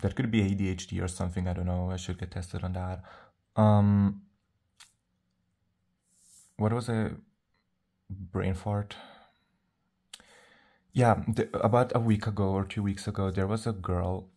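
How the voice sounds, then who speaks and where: A man talks straight to the camera in a loose, rambling vlog, stopping and restarting his thoughts. His voice sits low and mellow. He sounds confident and sassy. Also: flat delivery, unhurried, pauses often. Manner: rambling, chatty, full of "like" and "um"; self-assured, sassy. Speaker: vlogger. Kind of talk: casual vlog monologue.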